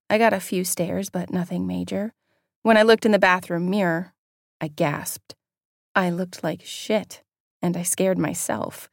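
A woman's voice: on the low side, creaky, a little mellow, no echo, clean studio sound. A woman reading a first-person audiobook in a candid, wry storytelling manner. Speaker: audiobook narrator.

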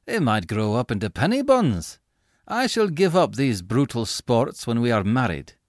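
A man's voice: medium pitch, normal speed, no room sound, clean studio sound. A man doing a grave, whimsical young suitor. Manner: precise, deadpan.

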